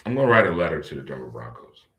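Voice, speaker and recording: A man hosting a casual talk radio show, joking and animated, swinging between loud outbursts and low muttering. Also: rapid-fire. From St. Louis.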